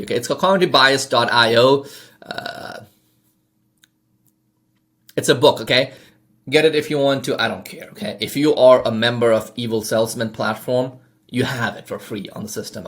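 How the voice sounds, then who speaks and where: A man giving an informal sales lesson, talking fast with lots of fillers and constant "okay?" check-ins. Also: fairly high pitch, a bit bright. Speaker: sales trainer. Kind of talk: informal teaching talk.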